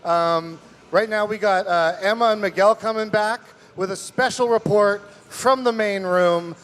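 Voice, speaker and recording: A man's voice: high-pitched, unhurried, a bit bright. A man hosting a live show, announcing the next segment loosely with many fillers. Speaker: host.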